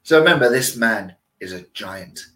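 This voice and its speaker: In a mid-range, slightly bright voice, a man plays a costumed storyteller at a visitor attraction, narrating in the first person with theatrical flair and playful remarks to his audience. He sounds animated and speaks at a normal speed, though the audio quality is poor.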